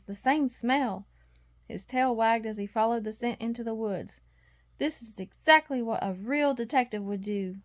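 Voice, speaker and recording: A woman reading a bedtime storybook aloud, expressive and acting out the sound effects. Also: mid-range voice. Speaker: storybook reader.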